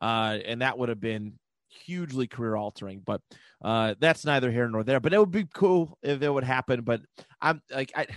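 A man's voice: medium pitch, expressive, normal speed, dry recording. A man co-hosting a podcast, rambling loosely through casual sports chat, laughing often and swearing now and then. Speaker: podcast co-host.

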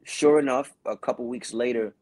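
A man tells stories in an animated, slangy way, jumping into little voices as he goes. His voice sits at an ordinary middle pitch. The recording is dry and close. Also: normal speed, no room sound. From Brooklyn, New York. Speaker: actor guest. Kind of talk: casual storytelling.

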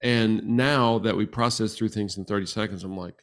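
A man in his sixties, a guest on a relationship podcast, telling stories in an animated way and acting out the quoted exchanges. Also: on the low side, normal speed. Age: 60s. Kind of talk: casual podcast conversation.

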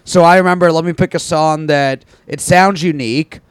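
A man's voice: a little high, steady tone, moderate pace, clean tone, dry recording. A man co-hosting a casual comedy podcast, rambling with many restarts. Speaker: podcast co-host.

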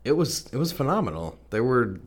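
A man co-hosting a podcast in casual chat, relaxed and quick with short replies. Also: mid-range voice, breathy edge. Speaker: podcast co-host.

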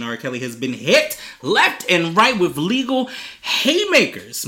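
Man, podcast co-host; lively, bright, crude off-the-cuff asides between headlines. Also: high-pitched, echoey room. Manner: animated, profane, reads headlines with asides. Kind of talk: casual podcast chat and news reading. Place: basement studio.

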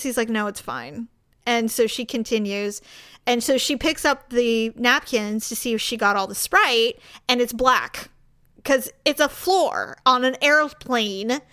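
A woman's voice: on the high side, a bit bright, clean tone, no echo, clean studio sound. A woman telling an indignant travel story in casual chat, acting out the people she quotes.

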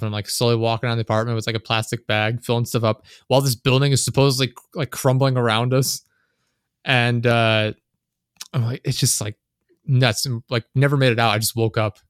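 A man's voice: medium pitch, smooth, no echo, studio quality. A young man chatting casually on his podcast, rambling and filling his talk with "like" and curse words. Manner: rambling, heavy use of "like", swearing. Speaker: podcast host. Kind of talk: casual chat. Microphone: desk microphone.

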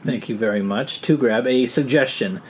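A man co-hosting a casual group podcast, relaxed and self-deprecating. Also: medium pitch, normal speed, a little hiss or hum. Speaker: podcast co-host.

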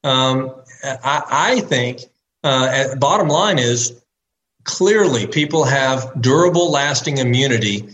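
A man who is a doctor, answering interview questions in a measured way and building his points step by step. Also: medium pitch, lively intonation, fairly bright tone, slight background noise, rough recording. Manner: measured, builds arguments in lists. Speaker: doctor guest.

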